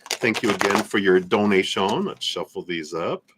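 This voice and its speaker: A man hosting a live tarot reading, speaking in slow, soothing affirmations with soft laughs. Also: sits low, background noise. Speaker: tarot reader.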